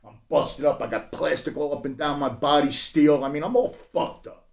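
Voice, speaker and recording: A middle-aged man telling his life story bluntly as a podcast guest, profane and swinging from low mutters to loud bursts. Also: normal speed, vocal fry. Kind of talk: candid personal storytelling. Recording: roomy echo.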